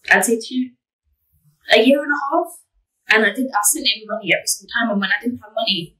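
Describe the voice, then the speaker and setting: Young woman, bright and roomy. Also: lowish voice. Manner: rapid, heavy use of "like", quotes others in dialogue. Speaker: tattoo documentary subject. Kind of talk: personal testimony to camera. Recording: roomy, slightly distant mic.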